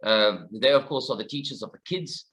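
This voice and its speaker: A man from South Africa giving a fast, informal conference presentation from a research facility. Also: medium pitch, expressive, fairly bright tone, poor audio. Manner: quick, informal, slightly rushed. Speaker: conservationist presenter.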